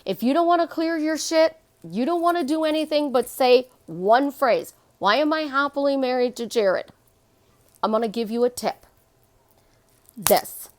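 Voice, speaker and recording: A woman's voice: high-pitched, expressive, normal speed. A middle-aged woman, a life coach, giving an emphatic motivational monologue and repeating phrases to drive her point home.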